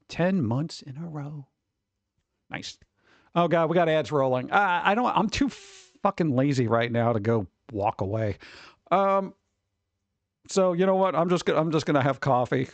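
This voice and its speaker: A man's voice: a little high, vocal fry, dry recording, muffled recording. Rambling, swearing male streamer. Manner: rambling and profane, often laughing. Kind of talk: casual live-stream chat.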